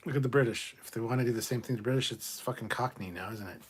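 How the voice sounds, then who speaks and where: A man hosts a casual live stream, reading out viewer questions and answering them bluntly with lots of swearing and muttered asides. His voice is medium-pitched and quick, and the recording is very noisy.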